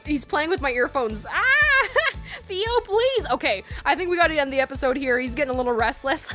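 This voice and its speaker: A woman's voice: high-pitched, expressive, brisk, fairly bright tone, soft background music. A woman casually commenting on a game from her home desk, chatty and giggly. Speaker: let's play host. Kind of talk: casual let's play commentary. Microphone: headphones with desk mic.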